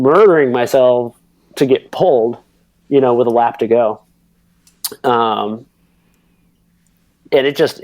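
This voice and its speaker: A man in his thirties telling a racing story on a podcast, rambling and animated with lots of fillers and acted-out quotes. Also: mid-range voice, no echo. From United States. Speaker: podcast guest, pro cyclocross racer. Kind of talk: casual storytelling.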